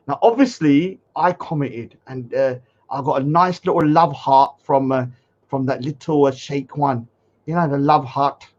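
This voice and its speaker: Scornful man on a stream. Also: a little mellow. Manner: scornful, mocking, mimics commenters in a high voice. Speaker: livestream commentator. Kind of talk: casual livestream commentary. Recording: dull lo-fi stream audio.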